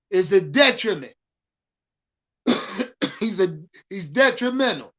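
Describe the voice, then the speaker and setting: A man hosting a live stream, loudly hyped and swearing as he ranted about football and answered his chat. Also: high voice, expressive, measured pace, creaky, dull audio. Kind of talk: profane live-stream sports rant.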